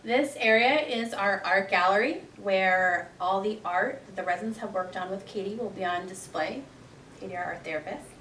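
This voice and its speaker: A woman's voice: mid-range voice, normal speed, slight background noise. A woman working as a recreation therapist, talking in a casual interview with many ums and restarts. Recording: roomy sound from a distant mic, soft music under.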